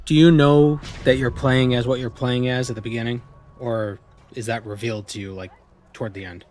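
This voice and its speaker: A man's voice: mid-range voice, steady tone, brisk, darkish tone. A man streaming a video game, giving casual, rambling commentary and thinking aloud with amusement.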